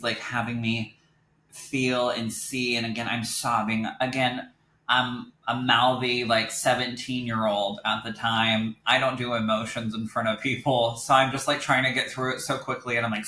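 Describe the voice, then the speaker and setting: A young man, a psychic medium, telling his story in a casual interview and acting out what others said in lively voices, laughing easily. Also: medium pitch, moderate pace. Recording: echoey room with faint noise.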